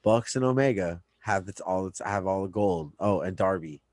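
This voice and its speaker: A man's voice: low voice, normal speed, darkish tone. A man co-hosting a podcast, reviewing wrestling in a loose, profane casual chat and often trailing off mid-sentence. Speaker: podcast co-host.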